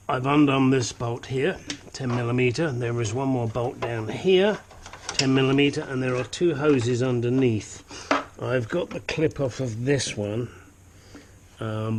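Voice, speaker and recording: A mechanic with a medium-pitched, slightly mellow voice talks through a hands-on car repair tutorial over slight background noise. He mutters and grunts while wrestling with the parts.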